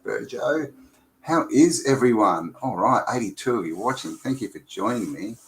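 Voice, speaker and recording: A man hosting a casual live stream chat, greeting viewers by name in a relaxed, chatty way. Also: medium pitch, normal speed, gravelly, a little hiss or hum, rough recording. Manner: relaxed and chatty, reads out viewer names, with fillers.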